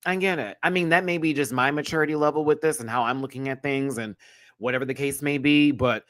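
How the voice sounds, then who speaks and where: A show host reviews a TV episode on a live stream, talking fast in an animated, emphatic, slangy way with plenty of swearing. He swings between loud bursts and low mutters, and there's no echo.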